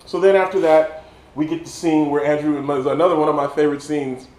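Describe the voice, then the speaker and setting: A man talking casually about a film after a few drinks, his voice sitting a touch high for a man. He rambles with excitement and trips over his words, restarting sentences. The sound carries the echo of a bare room. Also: fairly quick. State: tipsy. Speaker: movie reviewer. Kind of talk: casual drunk film review monologue.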